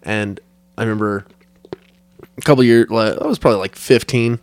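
A man's voice: fairly low pitch, normal speed, no echo. A young man co-hosting a podcast, chatting casually, laughing often and swearing freely. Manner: laid-back, swears often, laughs a lot. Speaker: podcast co-host. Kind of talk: casual chat.

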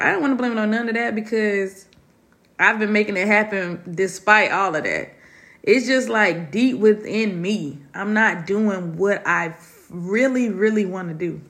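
A woman's voice: mid-range voice, a bit bright. A woman hosting a solo podcast from her dining room, talking candidly and heartfelt to her listeners. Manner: heartfelt, confiding, addresses listeners as y'all. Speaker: podcast host.

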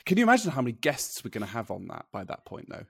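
A man chatting as a podcast co-host, easygoing and quick to laugh, often stumbling over his words. His voice sits in a middle pitch and is recorded close and dry, with no room sound around it. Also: wildly swooping pitch, vocal fry, slightly rough, no echo. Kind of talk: casual chat.

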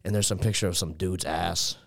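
A man's voice: low-pitched, steady tone, gravelly, fairly bright tone. A young man with a Texan accent telling a rambling story in casual chat, full of fillers and swearing. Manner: fast rambling anecdote full of fillers and profanity.

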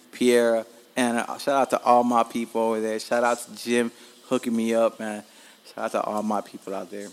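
Gravelly-voiced man telling stories on his podcast. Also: lowish voice. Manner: animated, profane, laughs at himself. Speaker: podcast host. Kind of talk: casual storytelling podcast.

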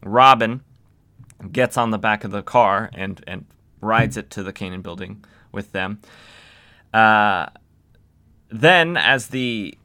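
A man's voice: fairly low pitch, slow, long pauses, bright, forceful tone. A young man casually recapping old comics as a podcast host, with wry, sarcastic asides.

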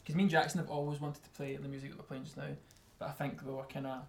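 A man's voice: fairly high pitch, flat delivery, rapid-fire, creaky. A young man, a band member chatting casually in an interview, rambling with self-mocking asides.

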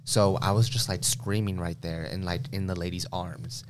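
A young man with a very low voice tells a long story in a loose, slangy way, filling his sentences with "like". The recording carries clear room noise underneath him. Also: steady tone, moderate pace. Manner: loose and slangy, heavy use of "like". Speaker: podcast co-host telling a story. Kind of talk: casual storytelling chat.

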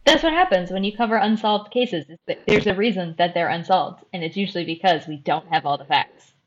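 A woman hosting a podcast and telling a true crime story in a careful, measured way. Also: fairly low pitch, muffled recording. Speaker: host.

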